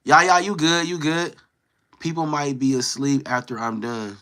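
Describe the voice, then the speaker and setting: His voice is on the high side, steady and sharp, moving at normal speed. A young man streaming live, he chats casually with his viewers and playfully trash-talks the trolls who show up in chat.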